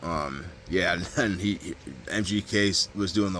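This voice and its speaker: A man with a deep, low-pitched voice and a bright, forceful edge tells a story in a loose, casual monologue. He rambles, restarts his sentences and leans on fillers and swearing throughout. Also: normal speed, slight background noise. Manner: rambling, heavy fillers and profanity, frequent restarts. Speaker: vlogger recounting prison stories.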